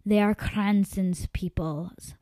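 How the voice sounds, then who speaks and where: A woman voicing a fierce female desert tribe soldier who speaks slowly and formally. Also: mid-range voice, steady tone, mellow, no echo, close to an everyday voice. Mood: grave. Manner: slow, solemn, formal speech.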